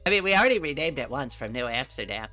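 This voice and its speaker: Woman, middle-aged, from New England, casual livestream chat, bright voice, faint music behind. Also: a bass voice, big pitch swings, fast. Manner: chatty, rambling, laughs often. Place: home room.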